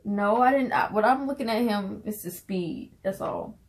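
A woman's voice: medium pitch, moderate pace, rough recording. A woman with a Southern US accent, chatting in a bubbly, laughing way on a casual vlog. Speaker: vlogger and minister.

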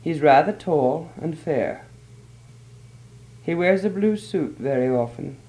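A man's voice: a little high, expressive, takes it slowly, warm tone, low-quality recording. A man reading as a proud, dignified woman in her thirties. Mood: dignified, polite. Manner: polite, hesitant.

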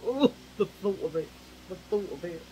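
In a low-quality recording with a little hiss or hum, a woman with a lowish, dark-toned voice speaks at a normal speed, sounding animated. She vlogs casually, ranting cheekily and chattily with strong opinions and doing impressions of old-fashioned voices.

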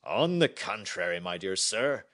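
A man voicing a proud, emotional king in a storybook read for learners, loud and exclaiming. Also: deep voice, very animated, a little slow, no room sound, clean studio sound, full character voice.

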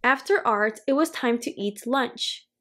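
A woman reading a children's story aloud, slowly, clearly and expressively. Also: a little high, a bit bright. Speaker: storybook reader.

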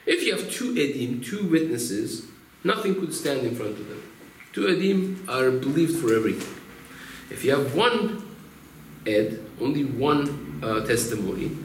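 Man, rabbi, storytelling Torah lecture, lively pitch, roomy echo. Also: a little hiss or hum. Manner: animated, acts out quotes, explains Hebrew terms. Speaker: rabbi teaching a Torah class. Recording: roomy room echo, faint ambience.

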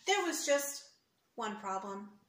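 A woman's voice: medium pitch, very animated, takes it slowly, fairly bright tone. A woman reading a picture book aloud to children, explaining words and pointing at the pictures, in an echoey room with faint hiss. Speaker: storyteller for children.

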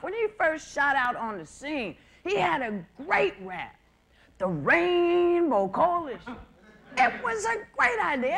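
A woman performing live stand-up comedy on a theater stage, talking in a profane, conversational way and mocking people with quick impressions. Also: high voice. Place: theater stage with laughing audience. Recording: noisy VHS live recording with loud crowd.

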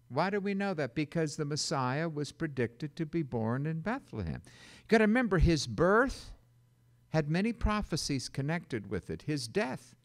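A man preaches as a Bible teacher in a slightly high voice, dramatic and emphatic. Sudden loud bursts break up his conversational asides.

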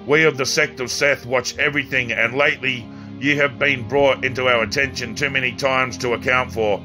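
A man voicing a calm, sinister male cult leader speaking over the phone, measured and coolly threatening. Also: medium pitch, soft background music. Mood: coolly menacing.

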